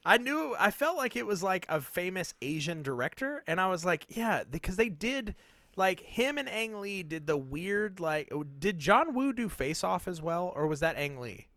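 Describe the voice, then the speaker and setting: Lively bright-voiced man chatting. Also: high voice, moderate pace, dry recording. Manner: laughing, animated, playful. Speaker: podcast co-host. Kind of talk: casual chat.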